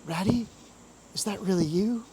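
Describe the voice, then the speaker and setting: A man's voice: high voice, normal speed, warm tone, a little hiss or hum, pitched above the performer's own voice, lightly acted. A man voicing a small, timid male mole in a storybook reading, with a feeble, plaintive voice.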